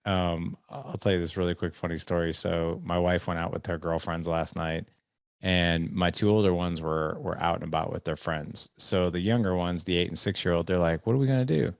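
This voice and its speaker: A man's voice: deep voice, level tone, moderate pace, vocal fry, smooth, no room sound, studio quality. A middle-aged man hosting a podcast, telling a long story in a rambling, self-deprecating way. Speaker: podcast host. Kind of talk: casual podcast conversation.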